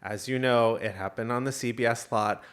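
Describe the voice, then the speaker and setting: A man's voice: medium pitch, normal speed. Chatty man telling a story. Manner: animated storyteller, many fillers and self-interruptions. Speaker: podcast co-host. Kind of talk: casual chat.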